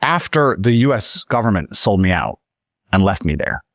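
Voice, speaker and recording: A man from Britain, a podcast guest telling a story in casual conversation, swearing often and pushing his voice up high when he gets worked up. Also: normal speed, dry recording, clean studio sound. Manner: profane, emphatic, voice climbs high when excited.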